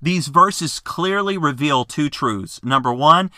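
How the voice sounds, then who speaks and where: A man's voice: on the high side, expressive, slow, sharp tone, no echo, clean studio sound. A man teaching a Bible lesson in an earnest, fervent way, often stumbling and restarting his phrases.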